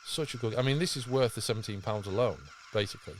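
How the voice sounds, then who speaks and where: A man's voice: medium pitch, fast talker, noisy background. A man hosting a podcast, talking with enthusiasm and rambling through fillers and restarts. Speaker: podcast host. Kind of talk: casual podcast chat.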